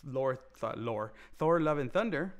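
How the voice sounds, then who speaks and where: A man's voice: mid-range voice, unhurried. Rambling man reviewing a movie. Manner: rambling, many restarts, animated. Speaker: podcast co-host. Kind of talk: casual movie review chat.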